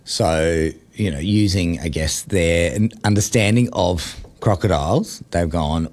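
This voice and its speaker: A man hosting radio, telling a story in a playful, animated way that builds suspense. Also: sits low, a little slow, hardly any pauses. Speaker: radio host. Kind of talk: casual banter, storytelling.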